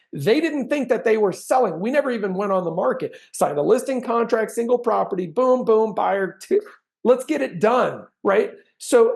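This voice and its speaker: A man giving an animated sales training talk, acting out client conversations with bursts of energy. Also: sits high, creaky. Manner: animated, acts out sales dialogues with big swings in energy.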